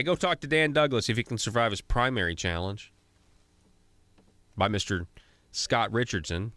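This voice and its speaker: A man hosting a conservative talk radio show, his voice at a middling pitch and dry in the studio with almost no room sound. He rants with sarcasm and rambles off on tangents, tripping over his own restarts. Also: fairly bright tone, no echo. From Arkansas.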